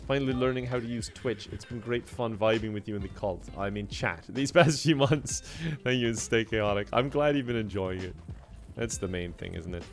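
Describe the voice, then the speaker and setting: A man's voice: fairly low pitch, normal speed, faint music behind. A man streaming a game, chatting casually with viewers, laughing often and thanking them for donations. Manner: laughs often, reads out chat donations, rambling. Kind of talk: casual gaming livestream chat.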